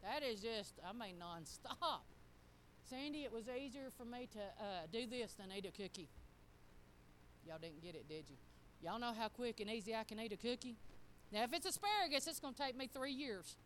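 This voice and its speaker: Lively woman preacher. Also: a little high, normal speed, a little hiss or hum. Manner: animated, folksy, acts out quotes. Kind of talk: storytelling sermon.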